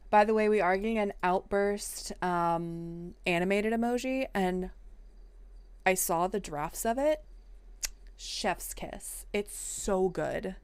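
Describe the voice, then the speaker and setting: A young adult woman streaming, chatting casually and playfully to her viewers with sudden excited outbursts. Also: medium pitch, takes it slowly, clear, resonant tone, no room sound.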